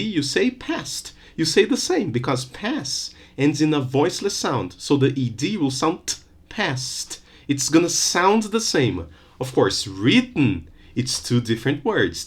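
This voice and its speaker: A man giving a recorded university phonetics lesson, Portuguese his first language, repeating sounds and examples deliberately. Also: medium pitch. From Brazil. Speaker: university lecturer.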